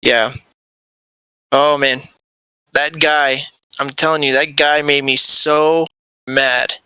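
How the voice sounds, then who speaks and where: Male podcast host, very bright, crisp voice, playful teasing delivery, dry close sound. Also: on the high side, takes it slowly, dry recording, rough recording. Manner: joking, teasing, animated storyteller. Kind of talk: casual chat.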